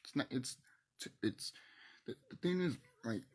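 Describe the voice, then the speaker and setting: A man ranting in a passionate monologue to camera, swinging between loud outbursts and hushed near-whispers, emotional and swearing. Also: mid-range voice, expressive, a little slow. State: emotional, teary. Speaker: video host.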